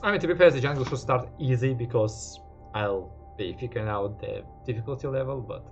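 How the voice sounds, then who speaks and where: A man's voice: medium pitch, brisk, highs cut off, soft background music. A man running a tabletop game session and explaining the rules plainly and wryly. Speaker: game master.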